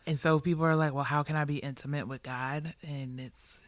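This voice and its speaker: A woman's voice: deep voice, fairly even intonation, fairly quick, dry recording. A woman co-hosting a casual faith podcast, talking playfully and laughing often. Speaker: podcast co-host.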